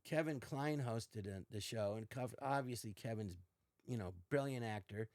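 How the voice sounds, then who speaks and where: A man's voice: medium pitch, moderate pace, no echo, studio quality. An older man, a podcast guest, telling stories in casual chat and acting out quoted lines with shifting voices. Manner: animated, acts out quotes in varied voices.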